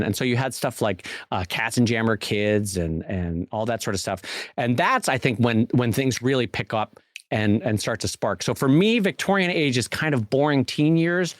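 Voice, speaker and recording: A man's voice: mid-range voice, no echo, clean studio sound. A man co-hosting a podcast, chatting casually and with energy, full of fillers and restarts. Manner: animated, many fillers and restarts. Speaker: podcast co-host. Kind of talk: casual chat.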